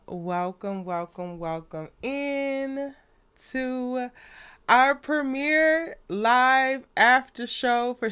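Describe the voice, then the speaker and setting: A woman hosting a live stream, chatty and animated, greeting viewers, her voice still recovering after she lost it. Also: a little high, clear, resonant tone. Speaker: host.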